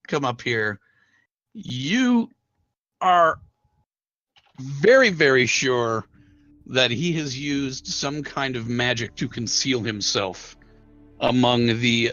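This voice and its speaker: A man narrating a tabletop role-playing game as game master, slow and halting, with many filler words. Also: mid-range voice, lively intonation, pushed and bright, lo-fi sound.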